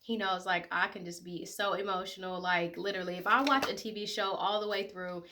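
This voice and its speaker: Against a noisy background, a woman in her twenties vlogs to camera with a steady, medium-pitched voice at a fairly quick pace. It's casual, heartfelt personal talk, emotional and at times tearful, full of fillers.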